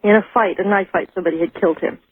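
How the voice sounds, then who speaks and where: A woman's voice: medium pitch, racing, slightly rough. A woman calling in to a late-night radio show and telling a ghost story, acting out each voice in it. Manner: animated storyteller, acts out the dialogue. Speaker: caller. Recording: tinny phone line.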